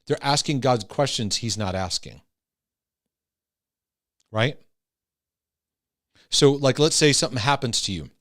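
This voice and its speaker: A middle-aged man giving a casual Christian teaching talk on anxiety and intrusive thoughts, chatty and animated, often acting out little voices and ending points with "right?". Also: mid-range voice, measured pace, pauses often. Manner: conversational, acts out voices with tag questions.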